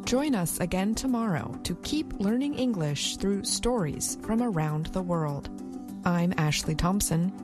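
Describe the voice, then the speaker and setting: A woman's voice: mid-range voice, lively intonation, measured pace. A female co-host giving an upbeat scripted sign-off for a learning program. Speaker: podcast co-host. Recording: voice over loud music.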